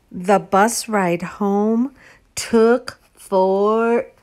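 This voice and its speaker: Expressive woman reading a picture book aloud. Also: a little high, takes it slowly. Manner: expressive, asks the listener questions, drops to a whisper. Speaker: storyteller.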